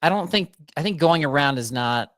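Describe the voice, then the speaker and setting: A man's voice: fairly high pitch, lively intonation, normal speed, a bit bright, no room sound, clean studio sound. A man co-hosting a casual backpacking chat, steering the topics and reading out segments. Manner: steers the talk, reads out segments. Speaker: podcast co-host.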